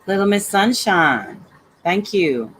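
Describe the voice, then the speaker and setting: A woman's voice: mid-range voice, animated, slow, slightly rough, poor audio. A woman hosting a casual livestream, greeting viewers by name and talking bluntly and heatedly about online drama. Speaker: livestream host reading chat.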